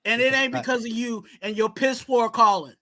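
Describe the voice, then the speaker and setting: A man co-hosting a fan podcast, ranting heatedly and shouting about his team's coaching. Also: very high voice, fairly even intonation, moderate pace. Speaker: podcast co-host. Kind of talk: heated sports fan rant.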